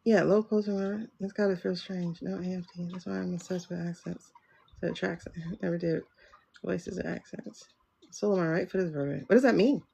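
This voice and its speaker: A woman with a low, gravelly voice hosts a casual livestream. She rambles, stops herself, starts over and keeps chatting. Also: fairly even intonation, normal speed, mellow, dull audio. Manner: rambling, self-interrupting, chatty. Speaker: livestream host and tarot reader.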